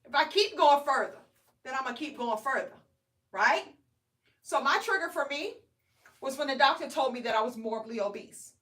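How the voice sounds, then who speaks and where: A woman's voice: high-pitched, expressive, moderate pace, pauses often, fairly bright tone. A woman in her thirties live-streaming a motivational talk to her viewers, chatty and often checking in with "okay?" and "guys.". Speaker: weight loss vlogger. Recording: distant from the mic.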